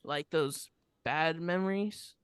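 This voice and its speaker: A man's voice: a little high, slow pace, fairly bright tone, clear, resonant tone. A man co-hosting a podcast, laid-back and rambling, with lots of filler words. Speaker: podcast co-host. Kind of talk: casual chat.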